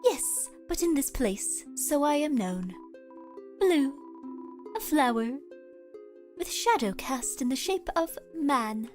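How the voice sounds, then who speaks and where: Woman doing a poetic flower spirit of love, grand and slow, high and sing-song, faint game music under it. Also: big pitch swings, a little mellow, heavily acted. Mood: lofty. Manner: grand, measured Shakespearean delivery.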